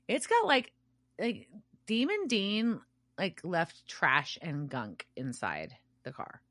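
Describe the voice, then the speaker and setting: A woman hosting a podcast, recapping a TV episode in casual chat, animated and swearing freely. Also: fairly low pitch, slow pace, no room sound, clean studio sound. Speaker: podcast host.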